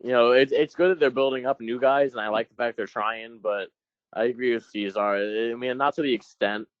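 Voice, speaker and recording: A man's voice: medium pitch, steady tone, brisk, clean tone, dry recording, muffled recording. A man co-hosting a casual podcast, hesitant and filling his talk with 'like' and 'you know', swearing now and then. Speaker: podcast co-host.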